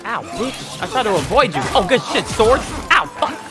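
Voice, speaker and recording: Excitable man streaming a game. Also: sits high, moderate pace. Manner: loud, reactive, cursing, exclaiming. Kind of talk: gaming commentary. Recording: game music behind the voice.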